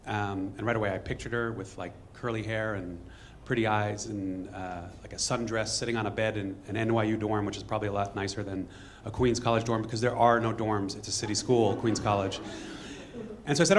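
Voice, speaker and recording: A man telling a true story on stage to a live audience in a fast, conversational way, acting out bits of dialogue. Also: on the low side, fairly even intonation.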